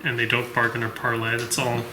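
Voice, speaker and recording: A man's voice: mid-range voice, monotone, fairly quick. Tabletop player, man, reasons out plans aloud, echoey room, noise behind. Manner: thinks aloud, talks strategy. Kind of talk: casual tabletop game chat.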